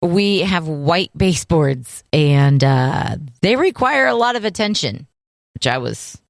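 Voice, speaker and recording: A woman's voice: fairly low pitch, animated, measured pace, no room sound, studio quality. A woman co-hosting a casual chat show, playful and teasing, laughing often as she talks about her kids. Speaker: podcast co-host.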